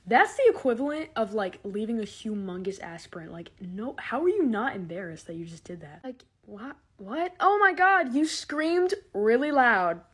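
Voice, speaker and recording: A young woman doing a sarcastic, exasperated comic monologue to a phone camera, swinging from loud outbursts to mumbled asides. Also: mid-range voice, very animated, normal speed, hardly any pauses, breathy edge. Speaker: comedy TikTok creator.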